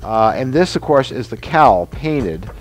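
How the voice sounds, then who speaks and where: This man in his sixties, a show host and special-effects mask maker, speaks at medium pitch with lively intonation and a measured pace. Hosting a casual workshop demonstration, he explains his mask and costume work in a rambling, chatty way, full of fillers and asides.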